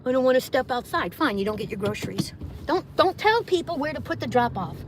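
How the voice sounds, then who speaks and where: An older woman talks from the driver's seat in a fairly high voice. She rants angrily and swears freely. The steady hum of the car and the road sits clearly behind her. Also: fast. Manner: angry, profane ranting. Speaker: delivery gig driver. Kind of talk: venting vlog monologue. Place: inside a car.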